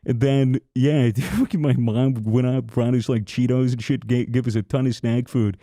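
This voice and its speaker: A man's voice: medium pitch, fairly even intonation, normal speed, dark tone, dry recording, studio quality. A young man hosting a podcast, telling a long story in a rambling, profane, casual way with frequent restarts. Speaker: podcast host.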